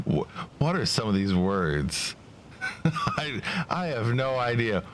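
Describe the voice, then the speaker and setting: A man's voice: medium pitch, huge pitch swings, slow, a bit bright, slight background noise. A male streamer giving laid-back, amused commentary while playing a game. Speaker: VTuber streamer.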